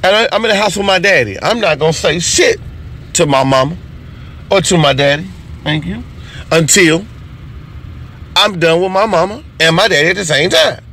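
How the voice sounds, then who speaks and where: A man in an unscripted comedy monologue, ranting in a profane, animated way. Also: high voice, moderate pace, long pauses, a little hiss or hum.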